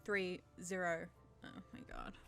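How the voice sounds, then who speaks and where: A woman's voice: lowish voice, huge pitch swings, unhurried, gravelly, sharp tone, clear, resonant tone, faint music behind. A woman of thirty from Australia with an English-sounding accent, answering viewer questions in a nervous, self-deprecating, rambling way. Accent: English-sounding, from a British father. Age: 30s. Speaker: channel host. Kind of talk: nervous Q&A chat to camera.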